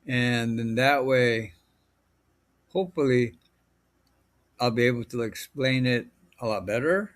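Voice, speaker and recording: A man from Hawaii giving a recorded language lesson, slow, deliberate and patient, drawing out each sound. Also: mid-range voice, gravelly. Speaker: language teacher.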